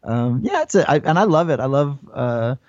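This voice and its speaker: An American man in his forties, rambling through his answers with restarts and fillers. His voice is dark and mellow. The sound is dry and slightly dull, as if over a remote call. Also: medium pitch, very animated, moderate pace, dry recording. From United States. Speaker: guest. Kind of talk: casual interview talk.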